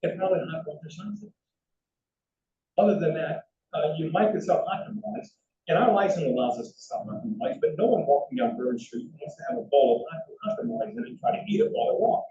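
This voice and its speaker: A man's voice: fairly high pitch, fast talker, gravelly, a little hiss or hum. Older guy giving a talk, swoopy storytelling voice, sounds far off in a roomy hall. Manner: animated anecdotal storytelling with frequent restarts. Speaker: lecturer. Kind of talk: storytelling lecture with slides. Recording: roomy, distant, dull hall recording.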